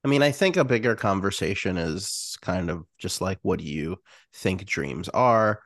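Deep-voiced guy cohost, jokey and blunt, cusses, dry mic. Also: expressive, normal speed, no echo. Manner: blunt, joking, swears casually. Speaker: podcast co-host. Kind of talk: casual chat.

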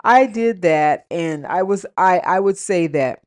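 Woman, young adult, podcast host, casual rant, blunt and profane, slightly low voice, dry close sound. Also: expressive, a little slow, no echo. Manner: blunt, profane, laughing asides. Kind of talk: casual rant and story time.

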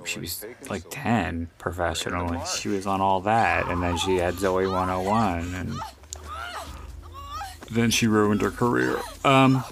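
Slow-talking blunt man chatting movies. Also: deep voice, steady tone, vocal fry, background noise. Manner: swears freely, blunt, halting with fillers. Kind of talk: casual movie commentary chat.

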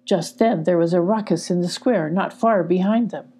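Woman reader for a children's audiobook, calm and even, mellow warm tone. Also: lowish voice, normal speed, slightly rough. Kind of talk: children's storybook narration.

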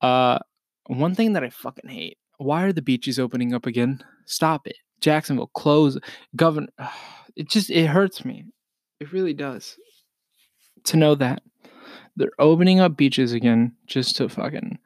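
Man co-host, mid-pitched, off-the-cuff and crude, reading posts aloud in a dry, close recording. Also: normal speed, creaky, darkish tone, dry recording. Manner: loose, profane, jokey, laughs at himself. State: burping between sentences. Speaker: podcast co-host. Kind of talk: casual rambling chat, reading posts aloud.

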